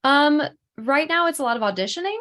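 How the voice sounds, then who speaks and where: A woman's voice: high-pitched, lively intonation, fairly quick, a bit bright. A woman who works as an actress and voice-over artist, chatting as a podcast guest with frequent ums. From Philadelphia area. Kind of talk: casual interview chat.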